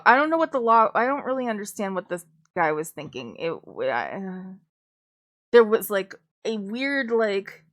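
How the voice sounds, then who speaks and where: Woman streamer, mid-pitched, loose casual chat, rambling with fillers and swearing. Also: lively intonation, unhurried.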